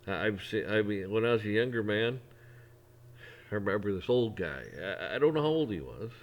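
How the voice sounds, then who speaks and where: A man's voice: fairly low pitch, animated, brisk. A middle-aged man talking in a casual, folksy way, rambling through an opinion monologue with frequent restarts. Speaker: vlogger.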